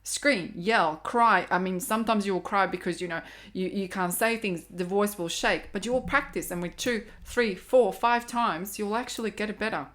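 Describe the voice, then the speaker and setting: A woman's voice: medium pitch, moderate pace, few pauses, a bit bright. A middle-aged woman with a Croatian accent, talking earnestly as a podcast guest and life coach, stressing and repeating her key points. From Balkans. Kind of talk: casual podcast conversation.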